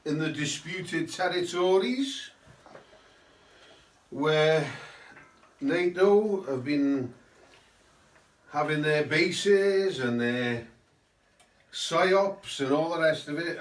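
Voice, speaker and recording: Guy rambling on about politics, kinda high voice, slow, tagging on "isn't it", echoey room. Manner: rambling, with tag questions. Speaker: host. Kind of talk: satirical political monologue. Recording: roomy, mic at a distance.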